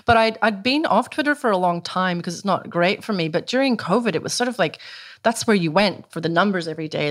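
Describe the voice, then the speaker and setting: A woman speaks in a low register during a conversational interview. She talks earnestly and emotionally, often restarting her sentences. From Australia.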